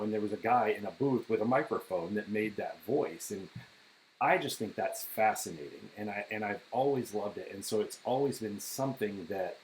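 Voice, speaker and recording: A man's voice: fairly low pitch, slight background noise, low-quality recording. A middle-aged man chatting on a podcast, an enthusiastic storyteller who repeats words as he starts his sentences. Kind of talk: casual podcast chat.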